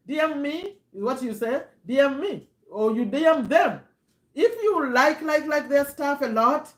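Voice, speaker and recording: Woman host, high voice, live stream teacher, repeats herself, echoey room. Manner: chatty, repeats herself, quizzes her audience. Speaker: host teaching online marketing.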